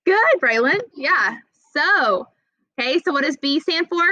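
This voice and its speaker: A young adult woman teaching an online writing class, patient and encouraging, reading example sentences slowly. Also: sits high, expressive, sharp tone, no echo, lo-fi sound. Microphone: video call.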